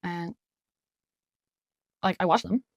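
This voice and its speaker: A woman's voice: fairly low pitch, slow, creaky, no room sound, lo-fi sound. A woman chatting casually at home while doing her makeup, muttering little asides to herself as she works. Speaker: beauty vlogger. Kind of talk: chatty get-ready-with-me talk.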